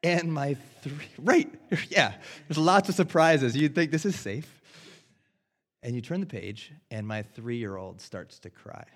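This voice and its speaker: An American man in his thirties preaching a sermon, earnest and self-deprecating, swinging between loud and hushed. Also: a little high, expressive, unhurried. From United States. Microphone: headset.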